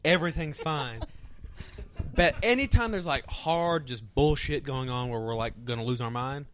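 A man who wrestles, a podcast guest, telling stories in animated casual chat and laughing as he goes. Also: mid-range voice, normal speed.

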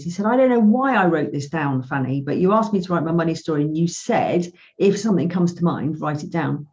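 A woman's voice: lowish voice, darkish tone. A woman, a financial coach, telling stories in a podcast chat and acting out both sides of each conversation. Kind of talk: podcast interview. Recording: dull lo-fi sound.

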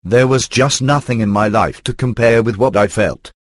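A man reading a first-person book aloud in an even, computer-rendered narration. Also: medium pitch, moderate pace, dry recording. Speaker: audiobook narrator.

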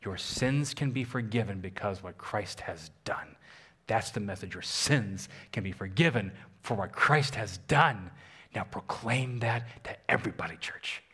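A man's voice: fairly low pitch, lively intonation, unhurried, fairly bright tone, breathy edge. Man preaching an emphatic sermon. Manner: emphatic preaching with call-and-response, repeats phrases. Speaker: pastor.

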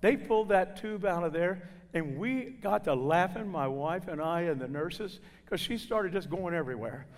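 A man preaching a testimony in a church, slightly higher-pitched than most men. He tells his story with feeling and slips into the voices of the people he quotes. His voice rings with the long reverb of a big hall. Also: lively intonation, normal speed, hardly any pauses. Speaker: guest preacher. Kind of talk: sermon testimony.

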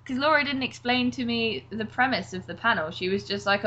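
A woman's voice: on the high side, fairly even intonation, a little fast, bright, forceful tone. A woman co-hosting a podcast who talks in a rambling, self-deprecating way. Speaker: podcast co-host and writer. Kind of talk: casual chat. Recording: dull lo-fi sound.

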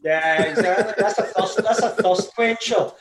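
A man's voice: high-pitched, normal speed, crowd noise. A Scottish man hosting a casual chat, telling stories with frequent laughs. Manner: laughing, chatty storyteller. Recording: roomy echo.

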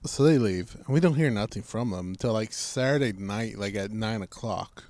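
A young man telling a story in casual chat, animated and swearing freely, acting out what people said. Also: fairly low pitch, normal speed, dry recording.

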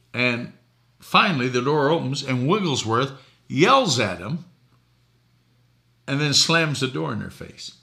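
A man's voice: medium pitch, creaky, sharp tone. An older man from Boston, a preacher hosting a talk show, telling folksy stories and laughing at his own jokes. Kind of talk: preaching talk show answering viewer questions.

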